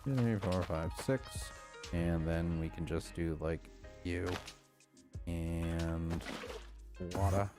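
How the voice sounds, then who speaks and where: Man, very low voice, casual game-stream chatter, rambling, faint music behind. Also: drawn-out words, long pauses. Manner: rambling, self-talking, chuckles often. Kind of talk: casual live-stream chat while playing.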